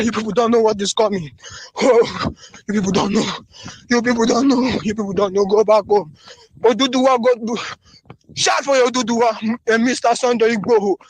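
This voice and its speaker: A man's voice: very high voice, no echo. A man from northern Nigeria, making a fervent, pleading appeal in a phone voice recording, hammering the same phrases again and again. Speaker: voice-note caller. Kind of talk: impassioned voice-note appeal.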